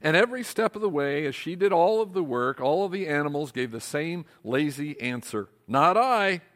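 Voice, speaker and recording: Guy preaching a sermon, kinda high voice, really lively, keeps asking the crowd questions. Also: brisk. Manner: animated, asks the congregation rhetorical questions. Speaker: pastor.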